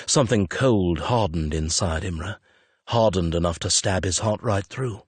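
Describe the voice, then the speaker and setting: Low, husky male audiobook narrator. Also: a little slow, no echo. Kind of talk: scripted narration.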